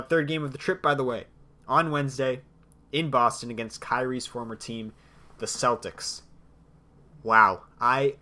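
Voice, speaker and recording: Young man, podcast host, opinionated, animated, mid-pitched voice. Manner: opinionated, animated, laughs between points. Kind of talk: solo sports opinion podcast.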